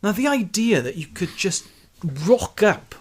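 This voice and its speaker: A man's voice: high-pitched, big pitch swings, unhurried, breathy edge. A man from Wales telling a detailed football anecdote in casual chat. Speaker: podcast co-host. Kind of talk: casual storytelling.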